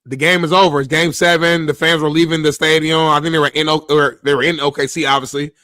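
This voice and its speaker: A man's voice: a little high, little pitch movement, fast talker, sharp tone, no room sound, studio quality. A man hosting a sports talk show, telling a story in loose, slangy casual chat. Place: Los Angeles area.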